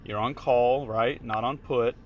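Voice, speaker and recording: A man talks through a screen-share tutorial in a loose, casual way, often pausing to check the listener is following. His voice sits at an ordinary middle pitch, with a faint hum in the background. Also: steady tone. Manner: casual, checks in with "right?" tags. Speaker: retail options trader walking viewers through trades.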